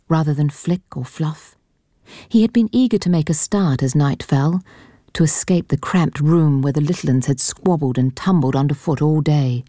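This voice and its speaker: A woman narrates an audiobook in a low, mellow voice with a measured storytelling pace. The recording is dry and close. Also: dry recording.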